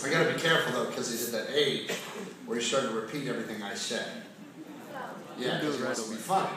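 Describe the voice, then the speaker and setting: A man's voice: medium pitch, fast talker, crowd noise. A man doing a stand-up routine in a large casino showroom, with wry, self-mocking storytelling. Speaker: stand-up comedian. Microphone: handheld stage mic, recorded by a phone in the audience. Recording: echoey noisy far-off audience recording.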